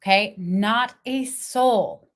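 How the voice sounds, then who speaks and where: A woman's voice: medium pitch, drawn-out words. A woman business coach talking casually on a livestream from a phone propped against her computer, laughing often and acting out little quoted voices.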